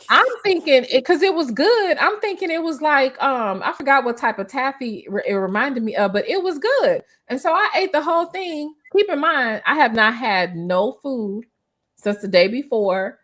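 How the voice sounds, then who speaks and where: A woman's voice: sits high, moderate pace. A middle-aged woman, a former hairstylist, telling a story in a casual interview, restarting often and acting out the people she quotes. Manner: animated, restarts often, acts out quoted voices.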